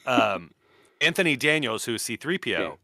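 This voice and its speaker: A man co-hosting a podcast in casual chat, animated and quick to slip into comic voices. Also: mid-range voice, creaky, no room sound, studio quality. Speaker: podcast co-host.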